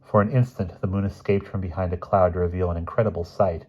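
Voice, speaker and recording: Low, husky male reader for a children's book, steady. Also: fast. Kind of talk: reading a children's novel aloud. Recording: dull lo-fi recording.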